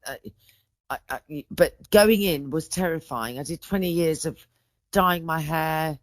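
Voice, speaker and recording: This podcast guest, a woman in her forties with a voice that sits low, speaks at a measured pace in casual chat. One story drifts into the next as she keeps breaking off and starting sentences over, all captured dry and close without echo.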